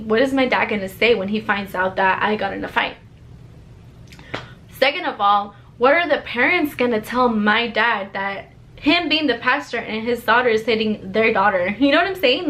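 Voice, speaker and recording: A young woman talks straight to her viewers, telling a personal story. She is chatty and animated and fills her sentences with "like". Her voice sits a little high. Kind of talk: casual storytelling to camera.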